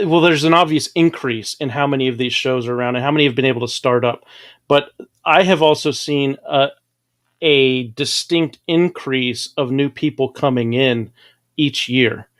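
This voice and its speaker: A man hosting a casual comics podcast, reading viewer comments and answering in a measured way with frequent ums. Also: medium pitch, fairly bright tone. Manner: measured, hesitant with ums and uhs. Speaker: podcast host reading chat.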